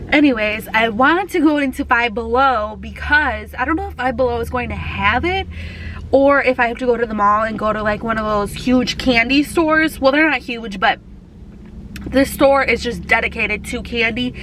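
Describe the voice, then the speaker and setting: Young woman from texas, bright high voice, rambly chat in her car, faint hum behind. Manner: rambling, chatty storytelling with many fillers. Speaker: vlogger. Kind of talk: casual car mukbang chat. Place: parked car.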